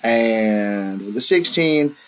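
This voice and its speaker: A man's voice: fairly low pitch, lively intonation, slow, a bit bright, clean tone, rough recording. A man running a tabletop game as dungeon master, describing scenes at an easy pace with plenty of fillers. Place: home table with friends.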